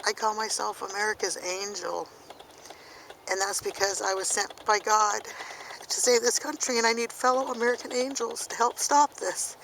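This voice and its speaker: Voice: mid-range voice, steady tone, moderate pace, vocal fry, fairly bright tone, a little hiss or hum, rough recording. A speaker in their fifties, talking outdoors into a handheld camera in an earnest, preachy, rambling monologue. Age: 50s. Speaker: activist vlogger. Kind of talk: impassioned rambling monologue while filming. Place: outdoors by a river.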